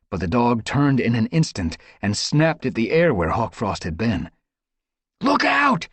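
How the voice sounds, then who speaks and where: A man narrating an audiobook in a measured, dramatic storytelling manner. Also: fairly low pitch, husky, dry recording. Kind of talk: scripted narration.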